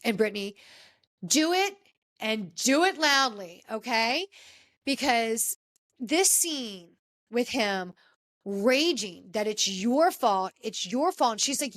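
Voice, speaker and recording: Woman, podcast host, casual recap chat, emphatic, indignant, slightly high pitch. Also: lively intonation, slow, fairly bright tone. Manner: emphatic, indignant, addresses people directly.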